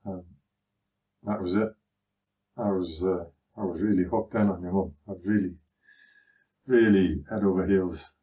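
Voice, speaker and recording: A man's voice: sits low, steady tone, a little slow, long pauses, warm tone, distant mic. An older man with a Scouse accent telling his son stories from his life in a chatty, anecdotal way. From Liverpool, England. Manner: chatty anecdotal telling, acting out others' voices. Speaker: father recounting his life. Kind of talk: conversational life-story storytelling.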